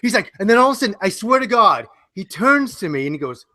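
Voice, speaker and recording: A man in his forties with a high-set voice and a dry, close sound, spinning a long profane story on a podcast. He acts out each person's lines as he goes. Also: fast, few pauses, no echo. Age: 40s. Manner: animated anecdote with acted-out quotes, profane. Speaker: podcast panelist. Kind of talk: casual storytelling.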